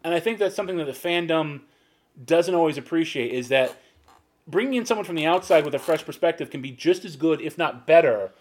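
A man's voice: fairly high pitch, expressive, brisk. A man co-hosting a podcast in casual chat, rambling and profane, hunting for names as he tells stories. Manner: rambling, profane, hunts for names mid-story.

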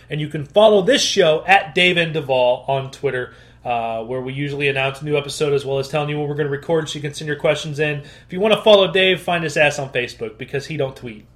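Male podcast co-host, thirties, a bit high-pitched, animated and foul-mouthed, plays every quote out loud. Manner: animated, profane, acts out quotes loudly. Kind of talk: casual storytelling chat.

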